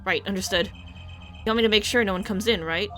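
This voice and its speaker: A woman voicing an earnest young male lawyer, reading his lines loudly and urgently, stammering when shocked. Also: mid-range voice, brisk, faint music behind, natural voice. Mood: alarmed. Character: young male defense attorney, earnest and jumpy.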